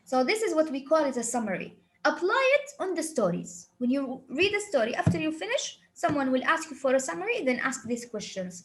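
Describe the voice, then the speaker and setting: A woman teacher, giving a lively lesson and answering her own questions. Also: sits high, fairly quick, hardly any pauses. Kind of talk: classroom lesson.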